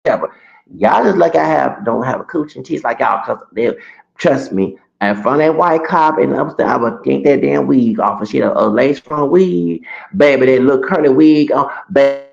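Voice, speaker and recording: A man's voice: mid-range voice, expressive, normal speed, creaky, echoey room, dull audio. A man in his late thirties telling a personal story in a sassy, profane rant full of restarts. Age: late 30s. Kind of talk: ranting casual storytelling.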